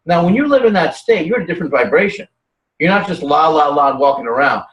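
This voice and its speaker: Heard from a distance in a roomy recording, a brisk male guest with a voice on the high side chats casually. His storytelling is animated and rambling, with frequent restarts.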